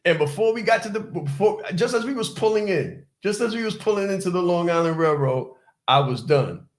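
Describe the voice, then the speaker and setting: A man's voice: high-pitched, animated, fairly quick. Man, podcast host, motivational storytelling, emphatic, repeats for effect, roomy echo. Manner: emphatic and repetitive, addresses listeners directly.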